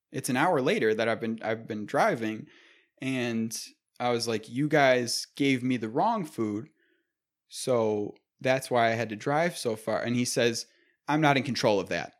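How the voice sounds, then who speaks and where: A man's voice: mid-range voice, slow pace. A man in his twenties telling a story in casual, profane chat, acting out what people said. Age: 20s.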